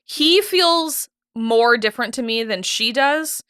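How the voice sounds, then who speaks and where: Bright, chatty woman co-host. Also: a little high, expressive, slow, clean tone, dry recording, studio quality. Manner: chatty, many fillers and restarts. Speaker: podcast co-host. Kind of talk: casual recap chat.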